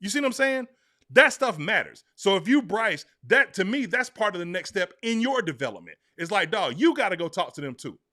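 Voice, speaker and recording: A man co-hosting a sports podcast, talking emphatically and excitably to his co-host. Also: high voice, a little fast. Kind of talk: animated sports talk.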